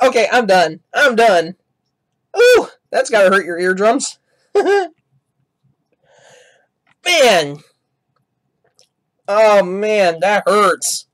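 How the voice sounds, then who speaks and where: Guy doing reaction commentary for his gaming channel, rambly, keeps restarting sentences, talks slow and unhurried. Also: sits high, animated. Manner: rambling, restarts sentences, yells "no" and "ah" at loud sounds. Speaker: gaming YouTuber.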